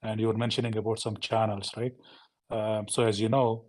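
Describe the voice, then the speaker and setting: A man calling into a live show, talking rapidly and rambling with constant fillers. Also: lowish voice, little pitch movement, a little mellow. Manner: rapid, rambling, full of "you know" fillers. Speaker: caller. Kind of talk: phoned-in conversation.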